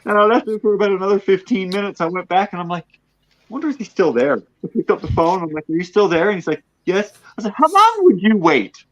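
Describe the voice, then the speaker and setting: Deadpan man with a muffled sound. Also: high voice, quick pace. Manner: deadpan storyteller, acts out both sides. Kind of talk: casual chat.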